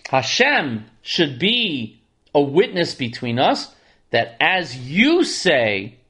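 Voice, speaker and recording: A man with a notably high-pitched voice leads a Torah study class. He reads a verse aloud, then translates and unpacks it in an explanatory teaching manner. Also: sing-song, takes it slowly, a bit bright. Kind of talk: text study lecture.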